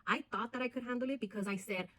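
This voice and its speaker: A woman's voice: on the high side, fast talker, fairly bright tone, low-quality recording. Earnest woman telling her story. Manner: earnest, addresses viewers as "you guys" often. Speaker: vlogger. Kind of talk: personal storytelling to camera.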